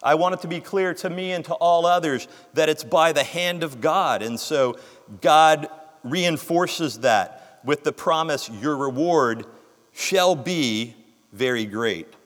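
Male preacher, earnest sermon delivery, slightly high voice, long hall reverb. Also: takes it slowly, fairly bright tone. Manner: earnest expository preaching, reads scripture aloud with emphasis.

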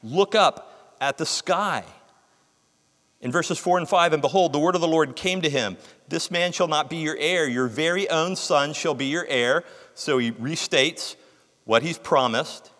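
A man delivers an earnest sermon, reading scripture aloud with emphasis before explaining it. His voice sits a little high for a man. The sound carries a long reverb, as in a large hall. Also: normal speed, a bit bright. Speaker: preacher.

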